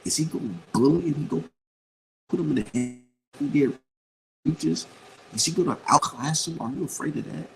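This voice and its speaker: A man's voice: fairly high pitch, normal speed, vocal fry, long pauses, fairly bright tone, slight background noise, poor audio. A man giving casual boxing opinions in a blunt, profane, rambling way, repeating his points for emphasis. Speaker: boxing commentator.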